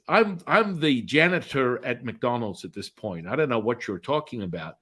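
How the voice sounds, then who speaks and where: A man's voice: mid-range voice, expressive, a little fast, hardly any pauses, bright, forceful tone. A middle-aged man, a spiritual healer, telling a story in a casual interview and acting out the voices of people in it.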